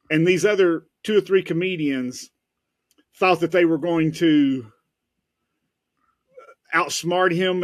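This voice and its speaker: A man hosting a casual podcast chat, who talks emphatically and repeats himself with halting restarts. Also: a little high, no room sound, studio quality. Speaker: host.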